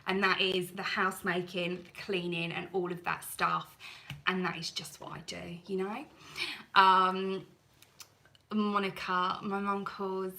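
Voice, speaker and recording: Woman, cleaning channel host, live stream chat, slow and unhurried, bright and forceful voice, rambling. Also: medium pitch, low-quality recording. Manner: chatty, rambling, self-deprecating.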